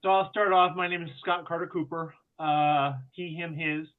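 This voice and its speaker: Male playwright, higher voice, wry and brief, phone-quality audio. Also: steady tone, normal speed. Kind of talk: casual roundtable introduction.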